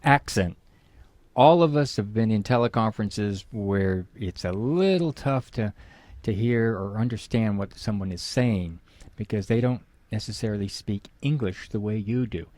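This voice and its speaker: A man's voice: fairly low pitch, moderate pace, darkish tone, no echo. A middle-aged man, a guest expert, explaining in conversation to an interviewer and acting out example phrases with emphasis.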